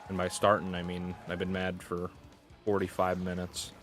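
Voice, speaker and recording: This is a male gaming streamer whose low, fairly bright voice stays monotone at a moderate pace, with soft music underneath. Sweating in the heat, he grumbles through live gameplay commentary, exasperated and swearing, muttering to himself and running himself down.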